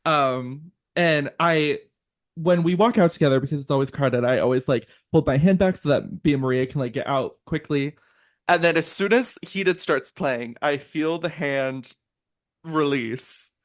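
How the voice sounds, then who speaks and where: Animated young man telling a story. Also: a little slow. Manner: animated storyteller, lively swings in pitch. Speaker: podcast co-host. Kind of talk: casual chat.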